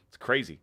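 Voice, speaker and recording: A man with a Texas accent hosting a casual livestream, reading viewer comments aloud with a laid-back, chuckling manner while drinking beer. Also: sharp tone. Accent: Texan. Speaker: livestream host.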